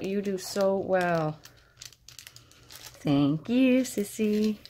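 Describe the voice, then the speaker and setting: A woman vlogger casually chatting as she unboxes craft mail, gushing with gasps of delight and talking softly to her friend. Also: medium pitch. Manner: soft-spoken, addresses her friend directly.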